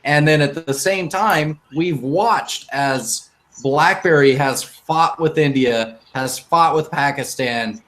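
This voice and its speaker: Ranting male podcast host, higher pitch. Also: slow, a bit bright. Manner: heated, ranting, emphatic. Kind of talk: casual podcast discussion.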